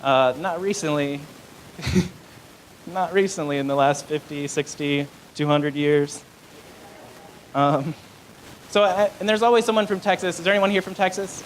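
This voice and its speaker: A young male comedian performing live in a small club, rambling and self-deprecating and full of fillers. His voice sits a bit high for a man. There is faint room ambience behind him. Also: lively intonation, a little slow, pauses often, a little hiss or hum, poor audio. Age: young adult. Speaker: stand-up comedian. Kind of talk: live stand-up set.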